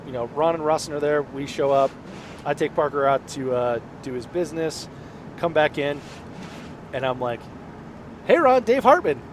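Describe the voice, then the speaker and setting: A man's voice: a little high, fairly even intonation, normal speed. A man co-hosting a podcast, telling a story in a casual, chatty way full of fillers, recorded inside a truck on the road. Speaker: podcast co-host. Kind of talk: casual chat. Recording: noisy car interior.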